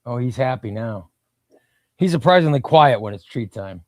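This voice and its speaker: A man's voice: medium pitch, animated, moderate pace, a little mellow, dry recording. A man hosting a casual comic book livestream from home, rambling and restarting sentences as he answers viewer comments. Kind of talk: casual live-stream chat. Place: home room.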